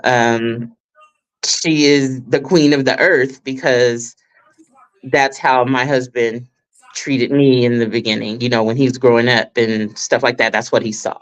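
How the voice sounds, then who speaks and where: Woman, very deep voice, slow and reflective, guest, casual video-call chat. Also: fairly even intonation, muffled recording.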